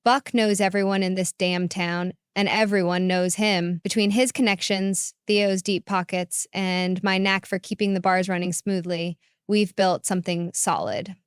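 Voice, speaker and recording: A woman narrating a first-person story in a calm, reflective way. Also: medium pitch, measured pace, hardly any pauses, clean tone, no echo, studio quality.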